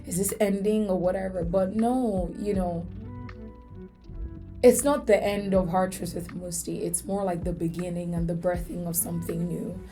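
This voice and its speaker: Lady hosting her faith podcast, earnest and emotional, soft warm voice. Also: fairly low pitch, fairly even intonation, a little slow, faint music behind. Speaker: podcast host.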